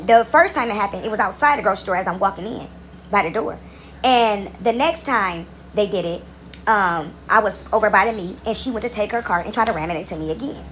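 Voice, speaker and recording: Fast-talking woman telling a rambling story. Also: mid-range voice, a bit bright, a little hiss or hum. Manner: rambling, repeats words, fills with "right?". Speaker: vlogger. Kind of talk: casual storytelling to camera. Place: on a couch at home.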